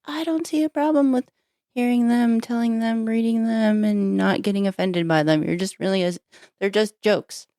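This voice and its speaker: A woman's voice: on the high side, moderate pace, dark tone, dry recording, clean studio sound. A woman co-hosting a podcast, chatting casually and reacting to jokes with amused teasing. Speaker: podcast co-host. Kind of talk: casual chat.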